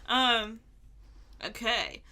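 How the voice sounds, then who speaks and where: Giggly bright-voiced young woman chatting. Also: on the high side, extremely slow. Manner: giggly, chatty, lots of "like" and restarts. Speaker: podcast co-host. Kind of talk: casual chat over a trivia board game.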